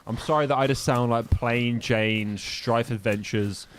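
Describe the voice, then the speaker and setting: A man's voice: mid-range voice, fairly even intonation, measured pace. Young english guy from the midlands, neutral accent, swearing and joking with chat mid-game, faint noise behind. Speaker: game streamer. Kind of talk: casual live-stream chat while gaming.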